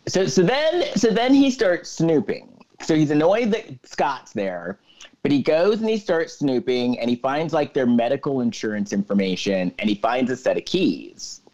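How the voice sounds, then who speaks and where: A man's voice: medium pitch, sing-song, normal speed, a little mellow, muffled recording. A man co-hosting a podcast, recapping a movie plot at length in casual chat, stringing scenes together with "so then.". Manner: retells the plot at length with many "so then" fillers. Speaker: podcast co-host.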